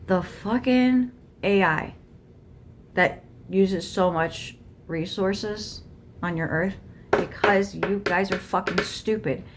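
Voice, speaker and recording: A woman tarot reader, speaking with a medium-pitched voice over a little background hiss or hum, channels a spirit guide in a rant to camera. She's blunt and swears heavily, arguing back and forth with herself.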